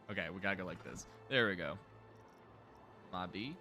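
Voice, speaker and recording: Low-voiced young man thinking aloud. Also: a little fast, bright, forceful tone, faint music behind. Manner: thinking aloud, mumbling to himself. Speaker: streamer. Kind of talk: casual live gameplay commentary.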